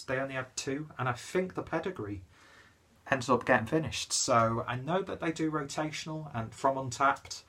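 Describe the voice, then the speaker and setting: A man's voice: mid-range voice, a bit bright. Rambling tipsy young man reviewing beer. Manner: rambling, chatty, self-deprecating, lots of fillers. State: slightly tipsy after a pub trip. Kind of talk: casual beer review vlog.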